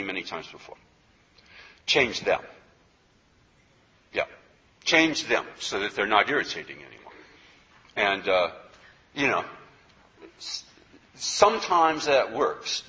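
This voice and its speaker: A man teaches a yoga philosophy class in a medium-pitched, sharp-toned voice, and the audio sounds dull. His spoken lecture is conversational and repetitive, and he keeps checking in with the class by asking "okay?"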